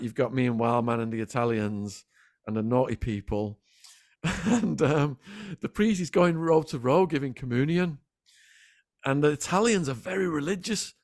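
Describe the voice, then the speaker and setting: A middle-aged man, a podcast guest telling animated stories in a casual interview. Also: a little high, no echo, studio quality. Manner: animated, quick anecdotal storytelling. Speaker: podcast guest, former prisoner.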